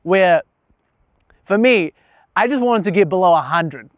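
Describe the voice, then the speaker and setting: A man's voice: sits high, expressive, measured pace, dry recording, dull audio. A young man talking candidly about himself in a casual, profane vlog monologue, laughing at himself now and then. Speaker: vlogger.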